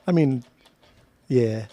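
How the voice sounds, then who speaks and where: Mellow-voiced, exasperated cursing co-host. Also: male voice, medium pitch, extremely slow. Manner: exasperated, swears a lot, laughs. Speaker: podcast co-host. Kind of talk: casual chat.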